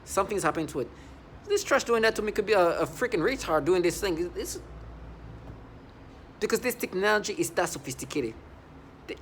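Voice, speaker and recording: Agitated rambling man, slightly high voice. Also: slight background noise. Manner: rambling, heated, full of restarts. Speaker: vlogger. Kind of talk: agitated monologue to camera.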